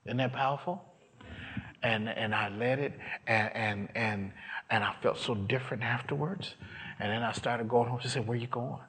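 A man with a mid-range voice and a moderate pace gives a sermon testimony. Telling a story from his life, he imitates the people in it and works up to shouts.

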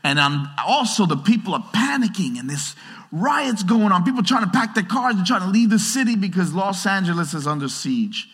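A man delivers a conversational, lively sermon in a bright, forceful voice that sits a little high for a man. His words ring out through a large church hall with a long reverb. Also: normal speed, slightly rough. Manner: conversational, animated preaching with acted-out quotes. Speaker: pastor.

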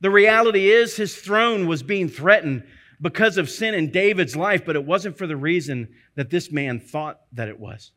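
A man preaches a sermon in a high, bright voice. He speaks earnestly and emphatically, doubling back on phrases to drive his point home. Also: animated, moderate pace. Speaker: pastor.

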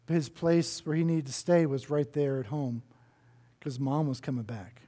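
A male pastor preaching a sermon, telling a children's story in an animated way, with chatty asides to his congregation. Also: a little high, normal speed. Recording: long hall reverb.

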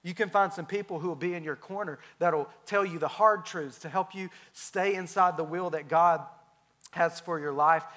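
A young man preaches in a high voice. He keeps the sermon casual and funny, with animated storytelling that draws in the crowd. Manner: conversational and humorous, animated storytelling. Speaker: preacher at a church.

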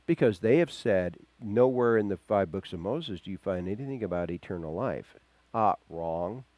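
A man preaching a verse-by-verse sermon, acting out the quoted voices and swinging between loud emphasis and quiet asides. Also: fairly low pitch, lively intonation, normal speed, no room sound. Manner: acts out quoted voices, chuckles. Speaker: pastor. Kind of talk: expository sermon.

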